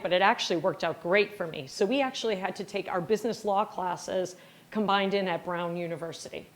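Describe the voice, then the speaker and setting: A middle-aged company founder from Wisconsin, USA, with a mid-range voice gives a storytelling lecture. She is chatty and self-deprecating, acting out bits of dialogue as she tells her stories.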